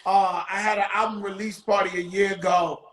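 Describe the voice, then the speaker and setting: A man hosting an interview in a loud, excitable, slang-heavy way. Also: sits high, fairly quick. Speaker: interviewer host. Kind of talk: casual interview chat. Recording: echoey room.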